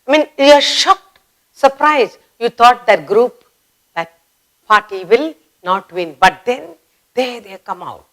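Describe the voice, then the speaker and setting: Slow-speaking woman teaching grammar. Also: fairly high pitch, poor audio. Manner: acts out example exclamations in a lively voice; slow, repeats key words. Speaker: English teacher. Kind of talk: grammar lesson for children.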